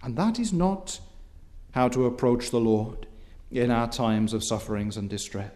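A man preaching an expository sermon in a measured, formal way, reading scripture and rising in force when impassioned. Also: mid-range voice, a little mellow.

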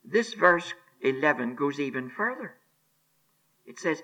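A male preacher delivering a sermon at a slow, weighty pace. His voice is bright and a little high, and it rises and falls widely as he stresses each phrase. He repeats key words and often drops to a hushed near-whisper. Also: sing-song, poor audio. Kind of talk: expository sermon.

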